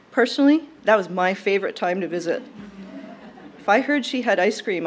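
A young woman delivering a prepared eulogy at a funeral service, in a warm, fond and measured way. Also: medium pitch. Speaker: eulogy speaker.

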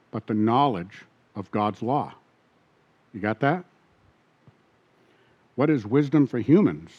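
A man's voice: on the high side, lo-fi sound. A man preaching a sermon as pastor, often asking his listeners questions and repeating key points.

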